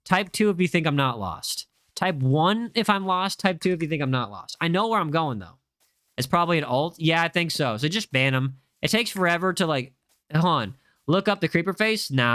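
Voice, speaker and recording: Bright-voiced young streamer, playful. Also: male voice, a little high, no room sound. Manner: playful, defensive banter with chat. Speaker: livestream host. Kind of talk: casual livestream chat.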